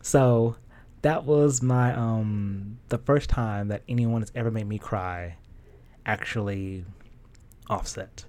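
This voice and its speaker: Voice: medium pitch, slow, darkish tone. A young adult fashion stylist telling a personal story in a casual, emotional way, with slang and lots of fillers.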